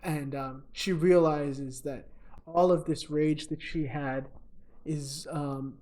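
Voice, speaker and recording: A man's voice: on the high side, fairly even intonation, slow, a little mellow. A young man co-hosting a podcast, casually retelling a movie's plot with lots of ums and uhs and chuckling at his own jokes. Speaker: podcast co-host. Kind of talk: casual comedic movie recap.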